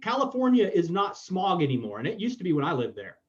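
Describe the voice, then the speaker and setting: A man's voice: sits high, wildly swooping pitch, fast talker. A man in his forties from Florida, hosting a podcast and talking bluntly and emphatically, swearing freely. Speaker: podcast host. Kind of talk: casual political chat. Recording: dull lo-fi sound.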